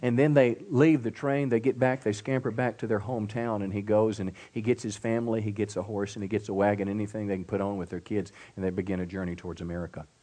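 A middle-aged man preaching a sermon as pastor at a church service, emphatic with "come on" call-outs and hushed storytelling. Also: on the low side, steady tone, fast talker, hardly any pauses.

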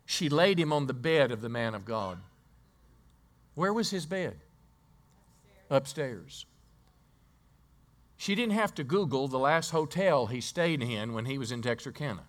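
A man's voice: medium pitch, lively intonation, a little slow, pauses often. A male pastor preaching a sermon in a church, telling a story and quizzing the congregation, often restarting his words.

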